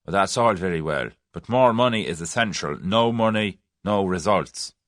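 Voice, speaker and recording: A man's voice: low-pitched, expressive, moderate pace, fairly bright tone, dry recording, clean studio sound. A man voicing a demanding Irish conspirator with a rich Irish accent. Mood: insistent.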